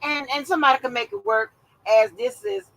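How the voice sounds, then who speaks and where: A woman with a bright, clear voice hosts a live stream. She gives blunt, profane commentary in a casual way and reacts to what she reads aloud. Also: high-pitched, sing-song, fairly quick, low-quality recording.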